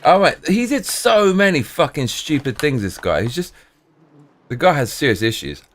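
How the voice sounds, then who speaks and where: A man's voice: on the high side, sing-song, normal speed. A man streamer telling rambling, profane stories in casual chat, full of restarts and swearing.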